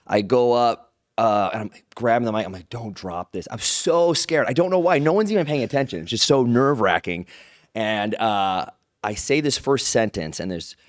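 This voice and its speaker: A man telling stories as an interview guest, animated and rambling, acting out other people's lines in his own voice. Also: medium pitch, normal speed, dry recording. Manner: rambling with restarts and "like". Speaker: guest, pro wrestler. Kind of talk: casual interview storytelling.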